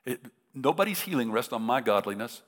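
A man of about seventy, a preacher telling a personal story, halting and restarting, rising into emotional peaks. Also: medium pitch, sing-song, fairly bright tone. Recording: long reverb of a large hall.

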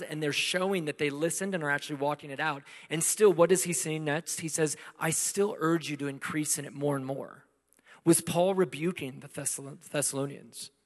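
A man preaching a sermon in a conversational way, asking rhetorical questions and swinging between loud emphasis and hushed asides. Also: a little high. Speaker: pastor. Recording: long hall reverb.

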